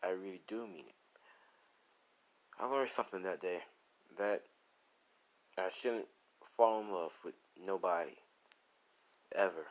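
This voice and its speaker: A man voicing a bitter young man who answers his former lover in a flat, dismissive tone. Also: low-pitched, measured pace, pauses often, poor audio. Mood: cold.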